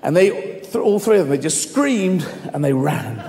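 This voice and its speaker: A middle-aged man tells stories with lively energy and freely acts out other people's voices. His voice sits a little high for a man. A long reverb hangs on every line, as in a large hall. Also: moderate pace. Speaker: guest. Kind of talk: storytelling in conversation.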